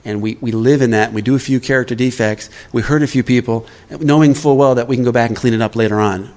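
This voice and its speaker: A man's voice: mid-range voice, steady tone, fast talker, darkish tone. A man giving a recovery workshop talk in a conversational way, often checking in with his listeners. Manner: conversational, checks in with "all right?". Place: live workshop.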